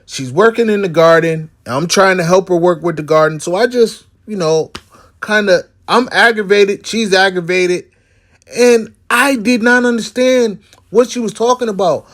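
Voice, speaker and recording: A man's voice: high-pitched, normal speed, a bit bright. A man telling a personal story in a casual, rambling monologue, often restarting and filling with "you know".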